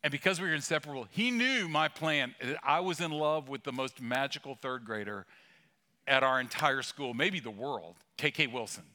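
A man's voice: medium pitch, expressive, moderate pace, bright, forceful tone. A middle-aged male pastor giving a sermon in a church, talking in a casual, joking way and telling a story. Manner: conversational storytelling with humor. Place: church sanctuary.

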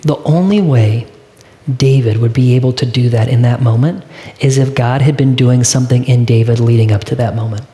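A pastor with a medium-pitched, dark-toned voice preaches a sermon in an earnest, conversational way, posing direct questions to the congregation. He slows down whenever he reads from scripture.

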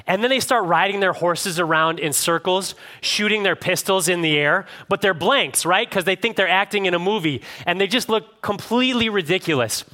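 A male pastor preaching to a congregation with a bright, forceful voice pitched a little high. He tells stories animatedly, dropping low and quiet, then rising up again. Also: normal speed, few pauses. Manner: animated storytelling with wide swings in pitch and loudness. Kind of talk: sermon. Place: church room with a live congregation.

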